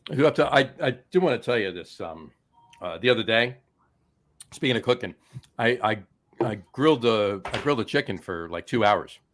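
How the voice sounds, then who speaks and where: A man hosts a podcast in a relaxed, joking tone. His voice sits low, and his talk wanders through fillers and restarts as he trades banter. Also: fairly quick. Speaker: podcast host.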